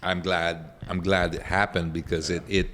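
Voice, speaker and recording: A man's voice: deep voice, flat delivery, normal speed, a bit bright. A man from the Philippines chatting casually as a podcast guest, opinionated and laughing often. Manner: opinionated, laughs often, puts on mock voices.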